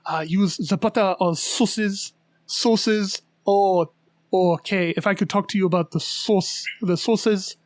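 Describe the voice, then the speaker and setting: A man putting on a halting, showy French chef impression with a put-on French accent, stumbling over fillers. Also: sits high, fairly even intonation, no room sound. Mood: theatrical.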